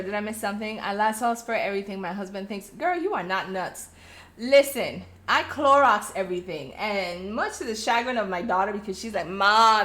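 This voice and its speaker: A woman with a Crucian accent from St. Croix talks in a fairly high voice as she hosts a casual live stream. She chats straight to her viewers, reads their comments aloud and slips into animated stories. She sounds middle-aged. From US Virgin Islands (St. Croix). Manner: chatty, animated storytelling with friendly direct address. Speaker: host of a live check-in stream.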